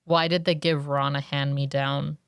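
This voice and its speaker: A woman's voice: low voice, level tone, normal speed, clear, resonant tone, no room sound, studio quality. A woman co-hosting a podcast, chatting about a book with lots of "like" fillers and thoughtful asides. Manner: chatty, filler-heavy, reflective. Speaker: podcast co-host. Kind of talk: casual book discussion.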